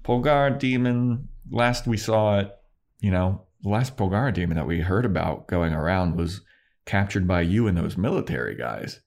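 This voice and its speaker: A man's voice: low voice, animated, normal speed, darkish tone. A man voicing a cowardly, whiny male bar owner in a playful retelling.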